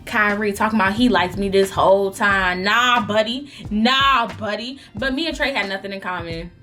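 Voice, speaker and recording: A young woman vlogger telling a story in an animated, melodramatic way while eating, in a casual storytime chat. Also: medium pitch, moderate pace, faint music behind.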